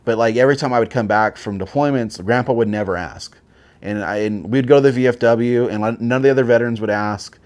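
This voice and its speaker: A man's voice: medium pitch, fast, darkish tone. A man in his forties, a Marine veteran guest, telling his story casually with lots of swearing and filler words. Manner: profane, rambling, with many fillers.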